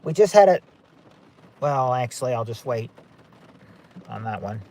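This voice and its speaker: A man's voice: medium pitch, animated, a little slow, warm tone. A man hosting a live-stream game night, chatting as he reads out viewer guesses and rules on each one. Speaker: game show host.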